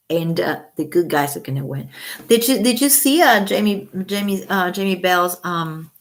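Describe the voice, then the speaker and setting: Blunt mother on a livestream, lower voice, outspoken and profane. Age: adult with children. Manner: blunt, swears freely, animated opinions. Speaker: livestream host. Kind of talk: casual livestream chat.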